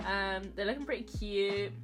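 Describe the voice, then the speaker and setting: A young woman talking casually in a home vlog, relaxed and chatty with lots of fillers. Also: medium pitch, moderate pace. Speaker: vlogger and podcast host. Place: home kitchen and garden. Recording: music playing underneath. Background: music.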